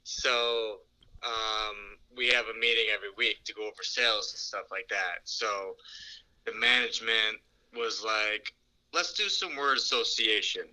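A man's voice: on the low side, a little slow, pushed and bright. A man on a phone call, casually telling a rambling story with laughs and backtracks. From New York. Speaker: phone-in guest. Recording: phone line.

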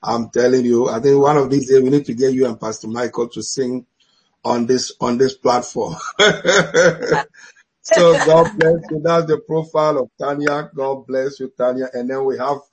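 A man's voice: medium pitch, husky, poor audio. A middle-aged man with an African accent, a bishop hosting an online church talk, laughing often and blessing his guests.

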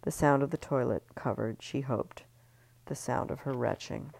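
A woman reading her own novel aloud in a calm, measured way, now and then restarting a word. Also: extremely low pitch, gravelly, no echo. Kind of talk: audiobook-style novel reading.

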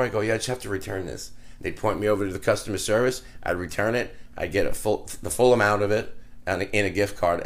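A man chatting casually on a podcast, telling a profane story with wry, drawn-out delivery. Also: deep voice.

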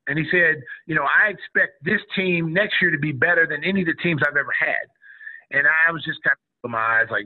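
A man's voice: fairly high pitch, a little fast. A middle-aged man, a former college basketball player, casually telling a story on the radio and acting out what others said. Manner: animated, acts out quotes of others. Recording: tinny phone-like radio audio.

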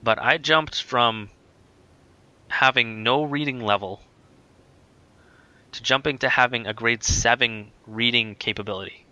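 Chatty man with a bright, dry voice. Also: mid-range voice, a little slow, pauses often, no echo. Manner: rambling, filler-heavy with many "like"s. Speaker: guest telling his story. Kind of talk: casual conversational storytelling.

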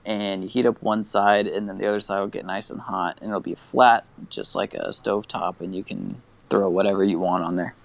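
A low-voiced man chimes in with laid-back, joking remarks during a group chat. His mic sounds dull and lo-fi, with the top end missing. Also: fairly even intonation, fairly quick, vocal fry, hardly any pauses.

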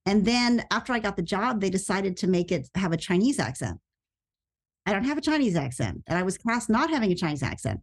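A woman telling a story in relaxed conversation. Her pitch sits mid-range, and she slips into animated, disbelieving reactions as she talks. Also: a little fast, breathy edge. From United States. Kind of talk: casual podcast chat.

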